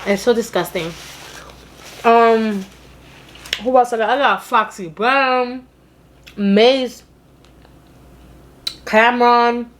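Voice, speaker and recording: A young woman from New York with a New York accent, hosting an eating show and chatting casually, loud and expressive, laughing often. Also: a little high, takes it slowly, pauses often. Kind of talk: casual chat while eating.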